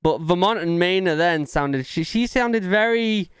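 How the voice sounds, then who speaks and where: A man's voice: high voice, animated, unhurried, clear, resonant tone, no room sound. A young man hosting a reaction video, chatting casually and musing aloud with filler words.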